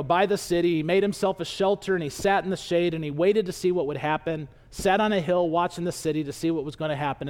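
A male pastor preaching a sermon with animated storytelling. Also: high voice, in a large hall. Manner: animated storytelling, acts out voices.

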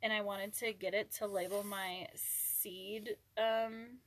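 This is a young woman co-hosting a podcast. She chats casually with her friend, giggles a lot, and fills her sentences with "like". Her pitch sits in the middle for a woman. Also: little pitch movement, slow pace, poor audio. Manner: chatty, giggly, lots of "like". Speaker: podcast co-host. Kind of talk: casual chat.

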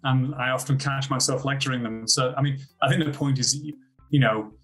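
A man with an Australian accent, a school principal telling lively stories as a podcast guest. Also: mid-range voice, a little fast, faint music behind, low-quality recording. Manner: animated anecdotes with acted-out quotes. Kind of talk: casual interview storytelling.

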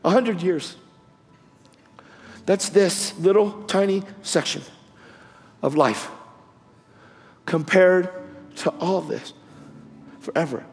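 A man's voice: high voice, takes it slowly, vocal fry, long pauses, darkish tone, faint music behind. A man preaching a testimony sermon with fervor and casual slang, calling people "man" and "bro". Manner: fervent, street-casual slang. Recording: long hall reverb.

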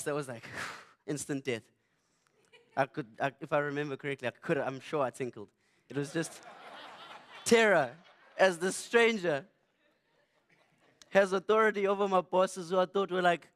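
Animated young preacher. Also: male voice, a little high. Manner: animated, humorous, self-mocking. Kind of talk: sermon with personal storytelling.

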